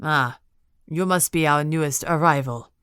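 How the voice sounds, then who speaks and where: Audiobook: deep-voiced, booming Spanish count, pompous and formal, dry studio sound. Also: female voice, moderate pace, fairly bright tone, clean tone, no echo. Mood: haughty. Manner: haughty, formal. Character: pompous aristocratic Spanish count, grown man. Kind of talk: audiobook character voice.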